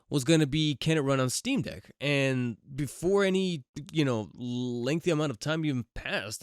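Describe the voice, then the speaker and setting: A man talks casually on his podcast, rambling along with frequent fillers and restarted phrases. His voice is smooth and resonant at a middle pitch. The sound is dry and close, with no room around it. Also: no room sound. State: recovering from a cold. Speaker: podcast host. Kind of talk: casual solo podcast chat.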